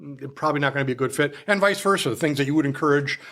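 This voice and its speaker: A man's voice: fairly high pitch, rapid-fire, a bit bright. A rambling, self-deprecating male podcast host. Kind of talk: conversational interview.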